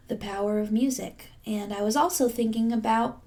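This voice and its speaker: A high-voiced woman musician chats casually between songs of an online concert streamed from home. She jokes, wanders between thoughts and pauses on ums. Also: fairly even intonation, mellow. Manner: chatty, joking, trails off with ums. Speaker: singer-songwriter.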